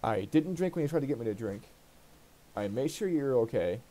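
A man with a dark, mellow voice at an ordinary middle pitch chats into his gaming mic. He retells a personal grievance in a loose, rambling way, swearing freely and sounding put out. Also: expressive, fairly quick. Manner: rambling, profane, aggrieved retelling. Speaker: let's play host. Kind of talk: casual storytelling while gaming.

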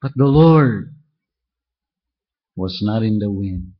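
Slow deliberate preacher, muffled recording. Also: male voice, on the low side, lively intonation. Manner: slow, deliberate, walks through verses point by point. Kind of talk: expository sermon reading scripture. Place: church.

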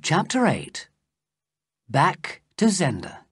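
Slow story narration for english learners, husky voice, lively up and down, dry close sound. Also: medium pitch, no echo.

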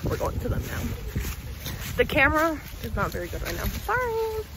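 A young woman with a high, sing-song voice vlogs her day at a farm, playful and often laughing as she coos over the animals. She films on a handheld camera outdoors, with plenty of farm noise behind her. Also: wildly swooping pitch, normal speed. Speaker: vlogger. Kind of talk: casual vlog narration. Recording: noisy outdoor farm recording.

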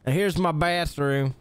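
A man streaming a role-play game, chatting casually in character with friends, teasing and laughing often. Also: on the high side.

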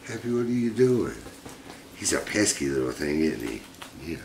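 A middle-aged man talking fondly and gently to his pet monkeys in a casual home vlog. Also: rumbling low, sing-song, moderate pace, echoey room, background noise. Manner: gentle, doting, chuckling baby talk to pets.

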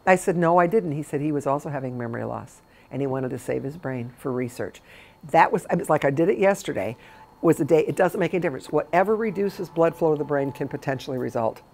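A woman's voice: low-pitched, expressive, quick pace, creaky, warm tone. A middle-aged woman, a memory care consultant, talking informally to caregivers as a chatty storyteller with emphatic repetitions.

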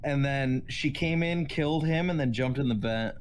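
Blunt, accusing voice with mid pitch. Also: moderate pace, a little hiss or hum. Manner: blunt, accusing, swears casually. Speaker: game player accusing another. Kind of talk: casual gaming chat.

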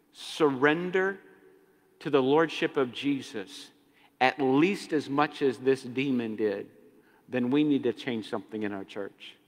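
A man preaching a sermon, impassioned, often repeating words and dropping from loud to hushed. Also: on the high side. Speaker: pastor. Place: church sanctuary. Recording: long church hall reverb.

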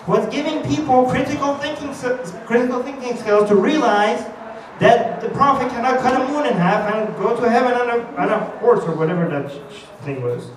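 A man giving an argumentative conference talk, animated and acting out quoted voices as he builds his case. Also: very high-pitched, moderate pace. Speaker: conference speaker. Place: conference hall. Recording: echoey hall, distant mic, faint noise.

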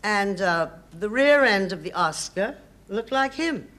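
A woman's voice: medium pitch, expressive, measured pace, fairly bright tone. Emphatic older woman, sardonic. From United States. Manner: emphatic, hesitant restarts, sardonic. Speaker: interview guest. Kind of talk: reminiscing interview.

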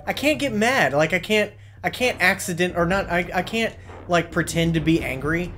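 A man's voice: high-pitched, moderate pace, pushed and bright, faint music behind. A man co-hosting a gaming video, self-mocking and chatty while he plays. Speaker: let's play co-host. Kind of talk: casual gaming banter.

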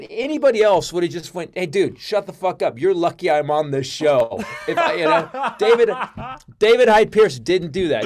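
A middle-aged male comedian telling a story as a podcast guest, profane, swinging between loud outbursts and low mutters. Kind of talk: animated storytelling.

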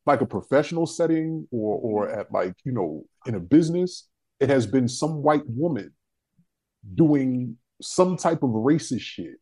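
Husky-voiced man telling a heated story. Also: medium pitch, unhurried. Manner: profane, animated and emphatic. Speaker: panel discussion regular. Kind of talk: casual storytelling on a discussion panel.

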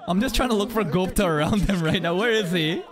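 A man's voice: high voice, fairly quick, crowd noise. A young man streaming a reaction, who swears and talks back to the screen. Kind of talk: live reaction commentary. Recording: anime music under the voice. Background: anime soundtrack playing.

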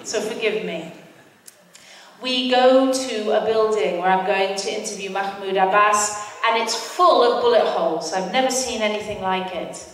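A British woman giving a personal testimony talk as guest speaker, a lively storyteller who acts out the voices of the people in it. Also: mid-range voice, normal speed. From Britain. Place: large hall, mosque event. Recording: echoey hall from far off.

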